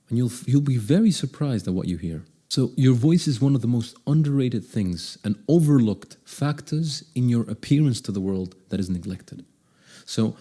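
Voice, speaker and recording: A young man talks through a speaking lesson in a relaxed, conversational way, often pausing to check that the viewer follows. His voice sits low and has a mellow, dark tone. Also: breathy edge. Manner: demonstrative, shifts pitch and pace to show examples; conversational with frequent check-ins. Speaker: voice coach. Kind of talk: casual video lesson.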